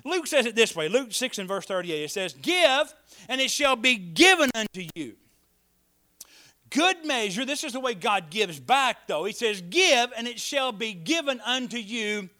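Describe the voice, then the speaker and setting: A man preaching a sermon, calling on the congregation for amens and swinging between quiet asides and loud, emphatic lines. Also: very high-pitched. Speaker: pastor.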